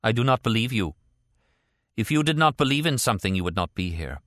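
A man's voice: mid-range voice, very animated, brisk, a bit bright, no echo, studio quality. A man voicing a proud, fierce young woman agent who speaks solemnly and bitterly.

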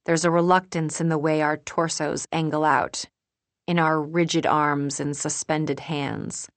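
A woman narrates a first-person novel in a calm, measured way. Her voice is low and her pace unhurried, with an introspective tone. The recording is dry and close, with no room sound. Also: dry recording.

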